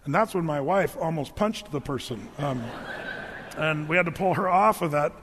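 A man's voice: fairly high pitch, moderate pace, fairly bright tone, slight background noise. A middle-aged man, a pastor, teaching a Bible passage verse by verse in a conversational, emphatic way, often restarting his words. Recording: long hall reverb.

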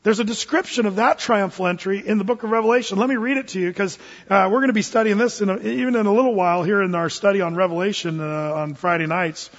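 A man's voice: high voice, quick pace. A man preaching a sermon, earnest and folksy in manner. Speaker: pastor. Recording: dull, echoey church hall recording.

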